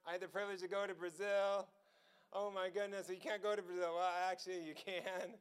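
A man preaching a testimony sermon, telling a story with frequent laughter and excitement. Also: high voice, brisk, clean tone.

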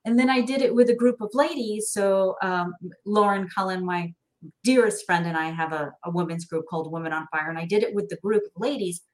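A woman's voice: mid-range voice, fairly quick. Chatty middle-aged woman, laughs a lot, acts out what people said to her. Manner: expressive, laughs often, acts out quoted dialogue. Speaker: guest, financial planner. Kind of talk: animated conversational interview.

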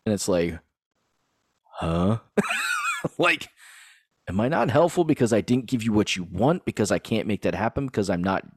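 A man's voice: fairly low pitch, moderate pace, long pauses, slightly rough, dry recording, clean studio sound. A man chatting casually on a podcast, telling stories with lots of swearing and laughter. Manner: animated storytelling, laughs often, swears. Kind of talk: casual chat.

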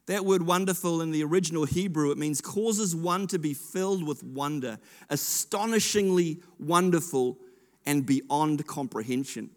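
A man's voice: a little high, moderate pace. A man with a slightly raised voice gives a sermon in an easy, chatty manner. He keeps stopping short and restarting his sentences as he talks to the congregation. His voice carries a long reverb, as if he is speaking in a large hall. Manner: chatty, self-interrupting storyteller. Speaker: pastor.

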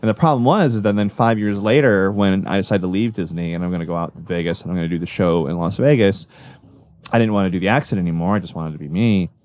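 Low-voiced man telling stories animatedly. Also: quick pace, no room sound. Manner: rambling, self-correcting, animated storytelling. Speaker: magician guest. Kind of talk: casual podcast interview.

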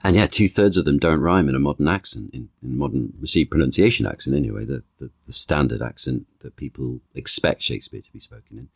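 A man with an extremely deep, low voice talks through ideas as a podcast guest. He restarts phrases often and keeps reaching for one analogy after another. The sound is dry and close, with no room around it. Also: big pitch swings, fast talker, vocal fry, few pauses, husky, no echo. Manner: thoughtful, stacks analogies, frequent restarts and "you know". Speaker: podcast guest, actor and author. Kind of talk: conversational interview.

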